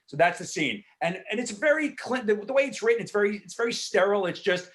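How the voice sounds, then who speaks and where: A man, an actor, answering questions in a casual Q&A over a video call, frank and animated, swearing freely and filling talk with asides. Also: high voice, fast, few pauses. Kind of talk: casual Q&A storytelling.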